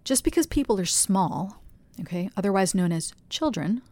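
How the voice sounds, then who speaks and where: A woman with a New Jersey accent, speaking as a podcast host in an earnest, confessional personal reflection that often drops to a soft near-whisper. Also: medium pitch, lively intonation, moderate pace, dry recording.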